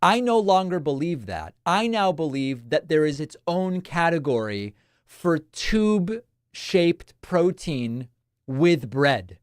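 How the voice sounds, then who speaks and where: A man's voice: fairly high pitch, takes it slowly, dry recording, studio quality. A male host from Argentina, chatting wryly on a livestream and reading out viewer messages. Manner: wry, chatty, animated asides.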